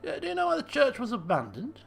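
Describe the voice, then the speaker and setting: A man's voice: very high-pitched, wildly swooping pitch, quick pace, creaky, a bit bright, a little hiss or hum. A man playing through a video game, joking and rambling with stammered restarts as he reads dialogue aloud. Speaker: let's play commentator. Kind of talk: casual game commentary and reading dialogue.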